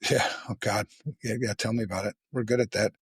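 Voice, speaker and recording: A man hosting a podcast, talking candidly and bluntly with a lot of swearing and halting restarts. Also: fairly low pitch, steady tone, slightly rough, no room sound. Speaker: podcast host. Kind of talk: candid casual conversation.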